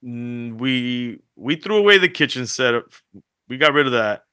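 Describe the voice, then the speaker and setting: Bright-voiced man telling family stories. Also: mid-range voice, unhurried, clear, resonant tone. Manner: animated storytelling, acts out family quotes. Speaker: podcast co-host. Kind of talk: casual chat.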